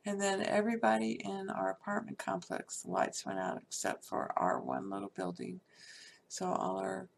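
Gravelly woman telling her story. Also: medium pitch, sing-song, normal speed, a little hiss or hum. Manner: candid and salty, with frequent fillers and laughs. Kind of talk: personal life story told casually.

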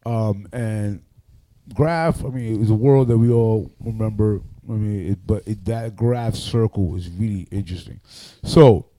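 A man, a radio personality and MC, telling loud, animated stories on a podcast and swearing often. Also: lowish voice, measured pace. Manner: animated, loud, acts out other people's voices, swears often. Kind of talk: casual storytelling on a podcast.

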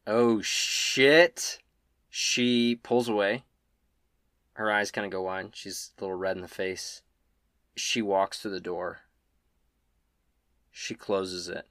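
Bright-voiced man running a tabletop game. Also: fairly low pitch, slow pace, long pauses, no room sound, clean studio sound. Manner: relaxed, jokey storytelling. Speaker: game master.

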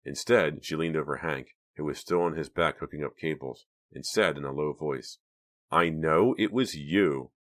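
A man reading an audiobook aloud as narrator, steady and measured. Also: rumbling low. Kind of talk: scripted narration.

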